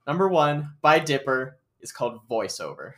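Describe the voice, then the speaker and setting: A man co-hosting a podcast, chatting about an episode in an animated, excitable way and laughing easily. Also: medium pitch, moderate pace. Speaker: podcast co-host. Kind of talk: casual recap chat.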